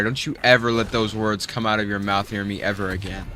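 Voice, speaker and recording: A man's voice: fairly low pitch, fairly even intonation, a little fast, few pauses, bright, forceful tone, slight background noise. A young man doing let's play commentary with theatrical, mock-threatening trash talk at the game. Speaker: gamer.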